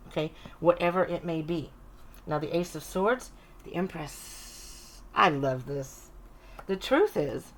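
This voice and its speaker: A middle-aged woman with a somewhat low voice talks through a tarot reading to camera. She is chatty and reassuring and keeps breaking off mid-thought to correct herself. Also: slight background noise. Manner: chatty, reassuring, self-interrupting. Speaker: tarot reader.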